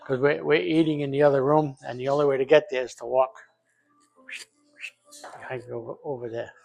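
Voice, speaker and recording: Gravelly older man cooking and swearing. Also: medium pitch, fairly even intonation, fairly quick, darkish tone. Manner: profane, joking, off the cuff. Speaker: home cook, vlog host. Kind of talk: casual cooking vlog. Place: home kitchen.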